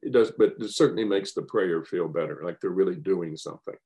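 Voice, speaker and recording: A man's voice: deep voice, a little fast, warm tone. An older man, a guest, telling a rambling, wry story in casual chat.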